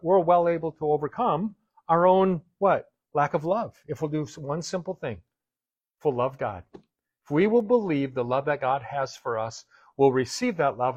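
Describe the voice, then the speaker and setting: A man preaching a sermon, asking his listeners rhetorical questions and swinging between soft and loud delivery. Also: fairly high pitch, no echo, muffled recording.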